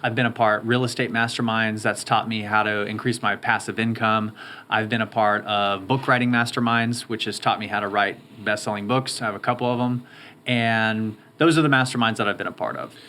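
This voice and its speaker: A man's voice: fairly low pitch, steady tone, a little fast, pushed and bright, slight background noise. Upbeat man telling his story. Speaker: guest, roofing company owner. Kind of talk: interview conversation.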